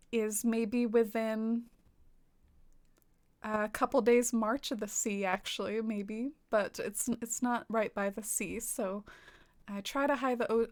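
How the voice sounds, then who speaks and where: A woman from the American South with a light twang, chatting casually on a game stream, reading viewer comments and giggling often between filler-heavy sentences. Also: fairly high pitch.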